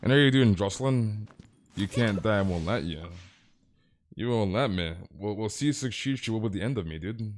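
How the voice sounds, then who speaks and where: A young man streaming a game live, chatting casually with viewers and telling animated, exaggerated stories. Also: on the low side, moderate pace. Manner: casual, animated, reads chat aloud, exaggerates. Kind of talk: live stream chat while playing.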